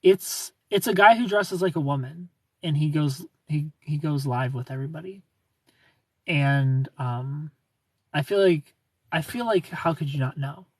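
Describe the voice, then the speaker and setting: A man from Ohio hosting a casual livestream, reading viewer comments aloud in a soft, low-key way and slipping into quiet asides. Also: a little slow, breathy edge, no room sound. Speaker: livestream host.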